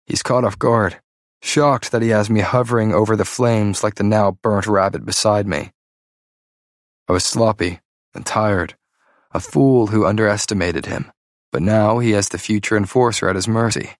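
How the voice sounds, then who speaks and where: Low-voiced male audiobook narrator. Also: steady tone, normal speed, dry recording, studio quality. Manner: tense, dramatic storytelling. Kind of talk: scripted first-person narration.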